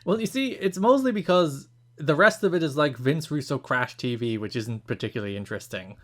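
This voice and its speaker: A man's voice: on the high side, expressive, brisk. A man co-hosting a podcast in casual chat, rambling with frequent restarts and casual swearing. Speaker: podcast co-host.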